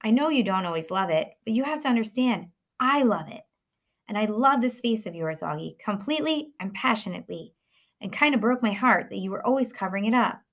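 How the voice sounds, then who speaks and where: A woman reading the part of an affectionate, joking middle-aged father, gentle and pleading in a storybook reading. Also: mid-range voice, animated, fairly quick, voice pushed up. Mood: tender pleading. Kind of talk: audiobook reading.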